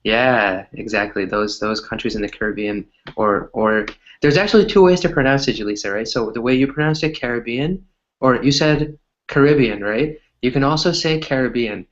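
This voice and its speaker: A man tutoring English in a relaxed, chatty conversation, explaining with lots of examples. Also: fairly low pitch, brisk, dull audio. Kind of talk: casual conversation lesson.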